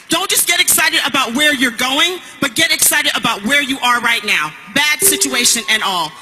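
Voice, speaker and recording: A woman giving a motivational stage speech as a network marketing speaker, emphatic and punchy, building to shouts. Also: high voice, expressive, normal speed, few pauses, in a large hall, noisy background.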